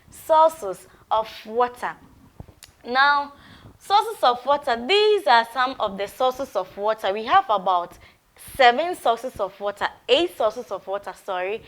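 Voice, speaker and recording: Lively sing-song kindergarten teacher, woman. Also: on the high side. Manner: sing-song, drawn-out words for children to repeat. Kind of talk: TV lesson for young children.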